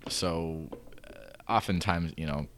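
A man's voice: sits low, slow, a little hiss or hum. A young man in his twenties, a guest chatting casually on a podcast in a laid-back, rambling way. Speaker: guest, martial arts black belt. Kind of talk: casual podcast chat over drinks.

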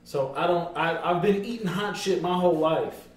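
A man's voice: sits high, moderate pace. Man off-mic, teasing, in echoey room. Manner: teasing, profane banter. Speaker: podcast co-host. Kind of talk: casual chat among friends. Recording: distant mic in roomy echo with faint noise.

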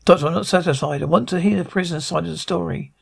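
A man's voice: fairly high pitch, very fast, vocal fry, husky, heavily acted. A man voicing an eccentric traveller who presses his demands with moral outrage, read from a script. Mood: indignant. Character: indignant eccentric male time traveller.

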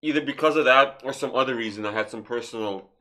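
Animated swearing man hosting a podcast. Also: mid-range voice, fast talker. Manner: animated, swears freely, rhetorical questions. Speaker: podcast host. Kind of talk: casual podcast chat.

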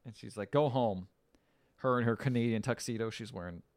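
Recapping a movie in relaxed podcast chat, this man performs the characters' dialogue with animated swings and laughs. He talks at a medium pitch and a fairly quick pace, with no echo in the recording.

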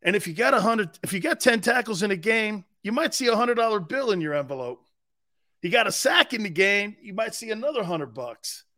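A man's voice: high voice, sing-song, a little fast, bright, forceful tone. A man hosting a sports talk show, telling rambling stories, laughing often and acting out the voices of people he quotes. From Sicilian-American heritage. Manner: laughs often between lines. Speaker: sports radio host.

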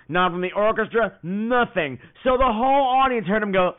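A man hosting a podcast, telling stories in a profane, animated way. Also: high voice. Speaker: podcast host. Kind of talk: casual comedic monologue. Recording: tinny phone-like sound.

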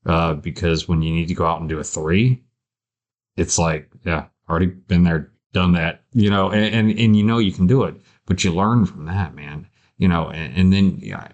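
Low-voiced, laid-back male podcast host. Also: fairly even intonation, normal speed, muffled recording. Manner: laid-back, profane, says "man" and "you know". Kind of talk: casual chat.

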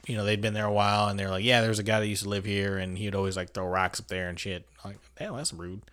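A man's voice: fairly low pitch, monotone, quick pace, a bit bright, clean tone. A man co-hosting a podcast, telling stories in a laid-back way with casual swearing. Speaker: podcast co-host. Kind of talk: casual chat.

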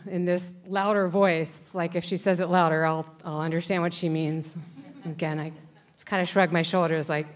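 A woman's voice: lowish voice, flat delivery, normal speed. Woman telling a story on stage. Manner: conversational, wry, acts out voices. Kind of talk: live personal storytelling on stage. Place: stage before a live audience.

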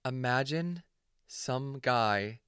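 A man's voice: medium pitch, animated, very slow, fairly bright tone, clear, resonant tone, dry recording, studio quality. A young man co-hosting a podcast in casual chat, playful and sarcastic. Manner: playful, sarcastic, mock-formal. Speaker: podcast co-host.

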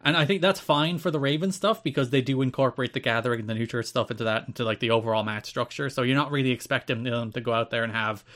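A man's voice: medium pitch, steady tone, quick pace, hardly any pauses, fairly bright tone. A man co-hosting a casual podcast, recapping old wrestling shows and acting out quotes in silly voices. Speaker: podcast co-host.

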